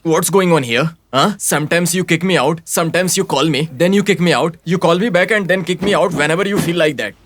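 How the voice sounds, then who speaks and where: In a dubbed film, a man voices a fed-up office employee turned hired agent who grumbles and is easily confused. The delivery sounds bewildered, high-leaning, a bit bright and brisk, with hardly any pauses.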